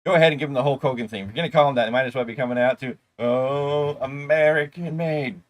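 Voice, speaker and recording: Male co-host for a wrestling recap, mid-pitched, chatty and rambling, drops into mocking asides. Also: racing. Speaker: wrestling show reviewer, co-host. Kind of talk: casual recap and commentary.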